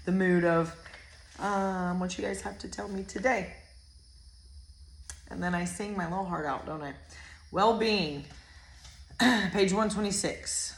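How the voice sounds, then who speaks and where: A woman's voice: fairly low pitch, echoey room. Chatty woman reading oracle cards. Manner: chatty, rambling, excitable, swears freely. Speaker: spiritual card reader. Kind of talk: casual oracle card reading.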